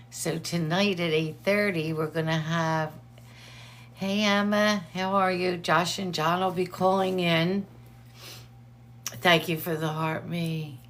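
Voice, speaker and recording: A woman hosts a casual livestream, talking slowly in a low voice. Her tone has a gravelly fry, and she chats warmly with viewers, calling out their names between updates. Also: slight background noise. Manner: chatty, greets viewers by name between updates. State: teary eyes from allergies. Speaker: livestream host.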